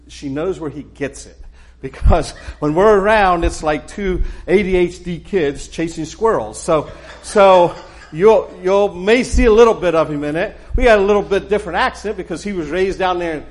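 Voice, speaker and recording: Rambling middle-aged male preacher. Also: on the high side. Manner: rambling, with frequent restarts. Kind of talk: casual introductory sermon talk. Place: church.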